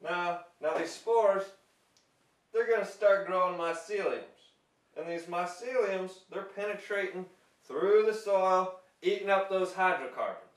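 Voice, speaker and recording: A man's voice: high voice, measured pace, pitched above the performer's own voice. A young man playing a cheerful, homespun male mushroom scientist with a folksy drawl in an amateur comedy skit. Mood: folksy chipper. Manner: folksy drawl, dropped g's, corny jokes. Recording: roomy echo from a distance.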